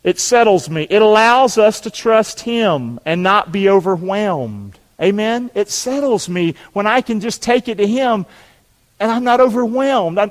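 Preacher, high voice, call-and-response sermon with shouted peaks, long church reverb. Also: male voice, animated, moderate pace. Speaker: pastor.

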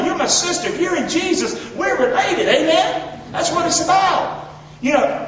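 A man's voice: extremely high pitch, slight background noise. A man preaching a sermon as pastor, fervent, asking the congregation to answer him back. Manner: fervent, call-and-response preaching. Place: church sanctuary. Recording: echoey hall, distant mic, dull.

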